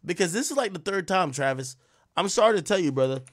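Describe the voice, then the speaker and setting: Animated and quick, a livestream host with a high-sitting voice rambles through casual commentary loaded with swearing and trash talk.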